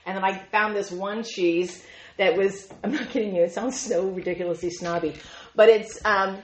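A woman speaking at a women's ministry gathering, telling a funny story to a live audience. She is chatty and animated, laughs often and uses lots of "like". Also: mid-range voice, moderate pace, slight background noise. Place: event room. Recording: echoey, muffled room recording.

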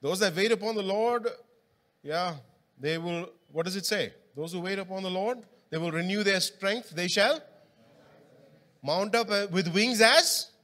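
A man's voice: high-pitched, measured pace, sharp tone. A man preaching a sermon in a church hall, talking casually and quizzing the congregation. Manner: conversational, engaging the congregation with questions. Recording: long hall reverb.

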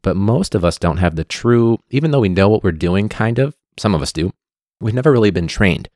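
Deep-voiced Chicago man hosting a chat. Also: a little fast, dry recording, studio quality. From United States. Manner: relaxed, rambling, chuckles at himself. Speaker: podcast host. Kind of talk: casual interview chat.

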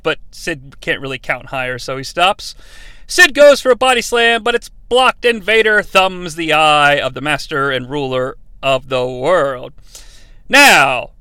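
A man hosting a comedic wrestling recap, sarcastic and animated, with mock-courtroom asides. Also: high-pitched, dry recording. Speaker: podcast host recapping wrestling.

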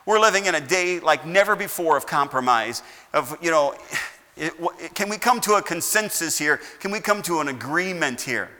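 A man's voice: on the high side, expressive, normal speed, pushed and bright. A man preaching a sermon as pastor, firing rhetorical questions and rising into emphatic bursts. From United States. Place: church sanctuary. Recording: long church hall reverb.

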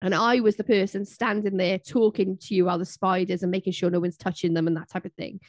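A British woman co-hosting a chatty podcast, animated and acting out the quotes she tells. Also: quick pace, dry recording. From Britain. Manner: animated, acts out quotes with a jump in pitch. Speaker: podcast co-host. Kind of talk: casual chat.

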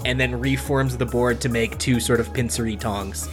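Guy playing a tabletop game, eager, rambles a lot, normal pitch, faint music. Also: steady tone, moderate pace. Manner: eager, rambling, laughs easily. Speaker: player.

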